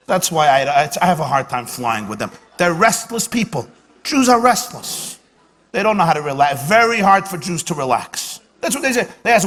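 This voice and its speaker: At a dinner event in a banquet hall, a rabbi delivers a humorous lecture of jokes and stories, using punchy comic timing and repeating lines for effect. His voice is high, fairly bright and fairly quick, with lively intonation. The live hall recording has long reverb and faint room noise.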